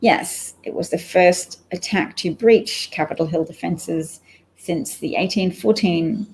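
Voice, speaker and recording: A woman's voice: fairly low pitch, a little slow, darkish tone, a little hiss or hum, poor audio. A woman giving rambling, wry solo commentary on the news, reading out quotes and sounding sleepy. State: sleepy, yawning. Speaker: political commentator.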